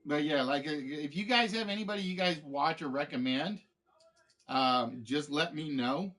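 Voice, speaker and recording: Male stream host, casual rambling chat, slightly higher pitch. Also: normal speed, fairly bright tone. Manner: rambling, many fillers and restarts. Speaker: game show streamer host.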